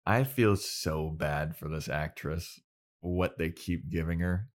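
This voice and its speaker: A man co-hosting a podcast, chatting casually and retelling scenes of a TV episode, slipping into quick character voices. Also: low voice. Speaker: podcast co-host. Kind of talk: casual chat recapping a TV episode.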